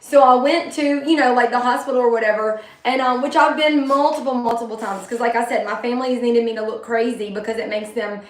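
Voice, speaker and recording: A woman talks straight to her viewers, blunt and unfiltered, her speech full of fillers and swearing. Her voice sits a bit high. The sound is roomy and echoey. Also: steady tone, quick pace, hardly any pauses. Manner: candid, blunt, swears freely, many fillers. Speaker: vlogger sharing her story. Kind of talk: casual personal storytelling, talking to viewers.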